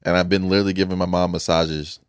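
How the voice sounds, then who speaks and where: Deep-voiced young man, casual podcast host. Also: level tone, fast, clean tone, no echo, clean studio sound. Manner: laid-back, laughs often, slangy.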